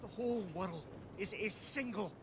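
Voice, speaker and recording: A man's voice: high voice, moderate pace, noisy background, lightly acted. An actor with a Scottish accent playing a fervent male street prophet who solemnly warns of doom in a video game. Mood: urgent. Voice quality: solemn, declaiming. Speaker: street preacher of science. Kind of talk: game voice acting.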